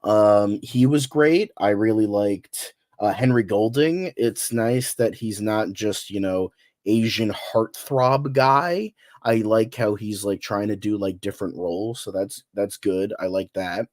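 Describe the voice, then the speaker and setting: A man's voice: lowish voice, measured pace, darkish tone, dry recording. A sick, nasal-sounding man reviewing a movie on a panel, blunt and profane as he rants. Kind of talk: casual chat.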